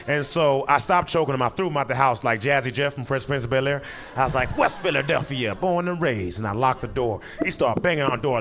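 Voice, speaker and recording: A man doing stand-up, telling a long story and acting out the people in it with quick voice changes. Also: mid-range voice. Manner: animated, acts out characters in quick voices, breaks into laughter. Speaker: stand-up comedian.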